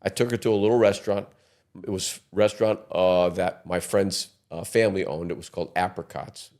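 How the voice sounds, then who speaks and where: A man's voice: low voice, steady tone, fairly quick, a little mellow. A man in his sixties, a podcast guest telling long rambling anecdotes in a casual interview. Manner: rambling anecdotes with quoted voices.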